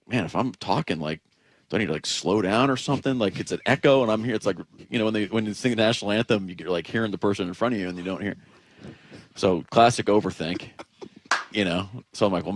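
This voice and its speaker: A man from Georgia, a football player, telling a story in casual interview chat with many filler words. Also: on the low side. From Georgia, USA. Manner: rambling, heavy on fillers like "like".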